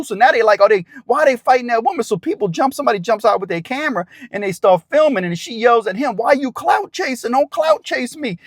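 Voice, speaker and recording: A man telling a true story to his viewers, excited and rambling, acting out the shouts of the people in it. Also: high-pitched, dry recording, clean studio sound. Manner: excited, acts out shouted quotes, rambling restarts. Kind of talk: animated storytelling to camera.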